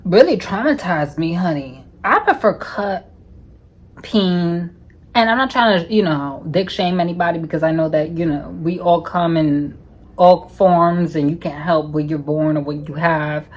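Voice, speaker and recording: A woman's voice: lowish voice, measured pace. A woman from the United States telling a storytime vlog in a sassy, profane way, tossing in "honey" at every turn. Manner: sassy, profane, calls listeners honey constantly. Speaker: storytime vlogger. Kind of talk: casual storytelling.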